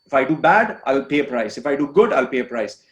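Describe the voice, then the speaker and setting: A man's voice: medium pitch, big pitch swings, quick pace, a bit bright. A man from India, a podcast guest, telling his personal story with earnest, emphatic, repetitive phrasing. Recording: echoey room.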